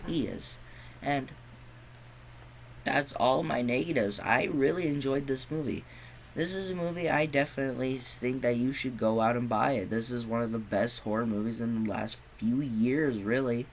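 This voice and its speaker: A man's voice: medium pitch, a little hiss or hum, rough recording. A young man giving a casual movie review, ranting with lots of swearing and sarcasm. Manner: profane, exasperated ranting.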